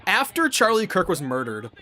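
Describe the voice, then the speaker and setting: A man's voice: high voice, pushed and bright. A young man chatting casually while gaming, rambling and swearing, with many restarts. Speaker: gaming vlogger.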